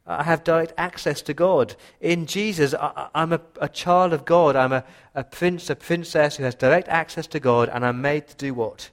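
A man preaching a sermon with passion, his voice rising for emphasis and dropping low for quiet points. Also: fairly even intonation, normal speed, hardly any pauses. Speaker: pastor.

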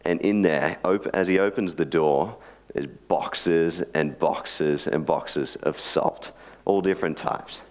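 Speaking slowly in a deep voice, this preacher opens his sermon with a joke story told in a chatty way. Joking asides come before he turns to praying and teaching.

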